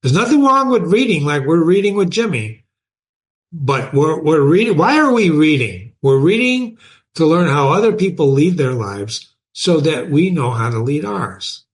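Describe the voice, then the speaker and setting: A man's voice: fairly high pitch, moderate pace. A man hosting a show, reading a novel aloud and often stopping to explain passages to his listeners. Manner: animated, breaks off the text to explain it.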